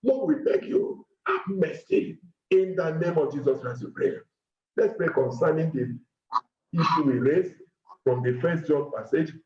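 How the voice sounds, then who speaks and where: A man preaching and leading a fervent, repetitive prayer, sometimes breaking into shouting and speaking in tongues. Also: on the high side, sing-song, unhurried. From Nigeria. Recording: echoey, dull lo-fi room recording.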